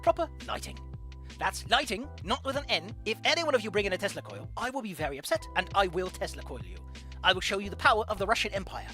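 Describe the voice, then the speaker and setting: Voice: medium pitch, big pitch swings, fast talker, pushed and bright, soft background music. A streamer doing a jokey British teacher. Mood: mock-stern. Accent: put-on British accent. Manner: playful, mock-stern teacher delivery. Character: male photography teacher, cheerfully eccentric. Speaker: streamer voicing a game character.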